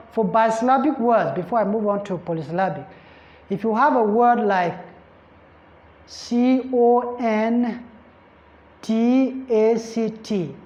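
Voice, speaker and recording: A woman's voice: medium pitch, a little mellow. A woman tutoring for an English exam in a classroom lecture style, who repeats points, spells words out letter by letter and checks that listeners understand. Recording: echoey room, slightly dull sound.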